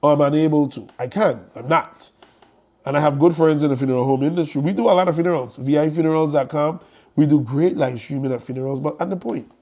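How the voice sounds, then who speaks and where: Male host, warm and higher-pitched, blunt and joking on a live stream. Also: fast talker. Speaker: host promoting an estate planning conference.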